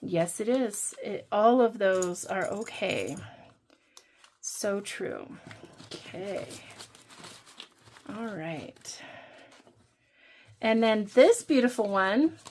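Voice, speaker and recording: A woman's voice: mid-range voice, animated, drawn-out words, pauses often, darkish tone, slight background noise. A woman hosting a budgeting channel, chatting casually and thinking aloud while she counts and scratches off savings challenges.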